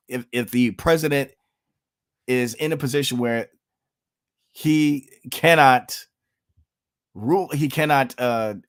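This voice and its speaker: Emphatic man giving opinionated commentary. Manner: emphatic, rhetorical questions, sudden pitch jumps. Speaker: political commentator, channel host.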